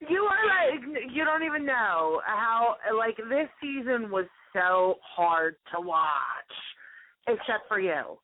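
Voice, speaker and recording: A woman's voice: on the high side, very animated. A woman, a former contestant calling in as a surprise guest, chatting in a bubbly, gushing way. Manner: gushing, bubbly, fast-talking. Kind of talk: casual phone chat. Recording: tinny phone line.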